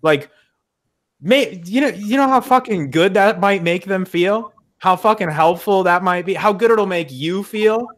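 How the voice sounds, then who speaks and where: A man's voice: high voice, unhurried, fairly bright tone. A young man talking casually in a podcast conversation, frank and emphatic, with frequent swearing. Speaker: podcast guest. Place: in the US Midwest.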